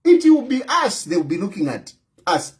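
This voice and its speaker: A man's voice: high-pitched, sing-song, normal speed. A Zambian man with a Zambian accent, an opposition party leader giving impassioned political commentary, emphatic and scolding, repeating his points.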